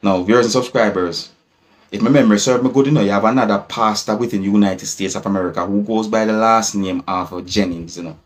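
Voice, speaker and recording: A man's voice: on the low side, fairly even intonation, quick pace. Jamaican man retelling a news story. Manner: keeps asking viewers "you see?". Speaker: vlogger. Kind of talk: news commentary vlog.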